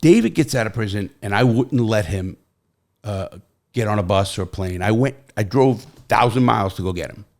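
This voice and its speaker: A middle-aged man hosting a podcast, telling stories in casual chat and jumping to loud, high quotes. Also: normal speed. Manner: animated storyteller, jumps to loud high quoting. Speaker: podcast host.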